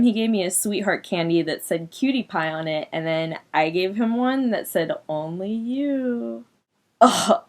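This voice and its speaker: A woman's voice: lowish voice, close to an everyday voice. A woman voicing a melodramatic eighth-grade goth girl who narrates her diary in a giggly, overdramatic way, full of "like". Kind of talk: comic teen diary monologue.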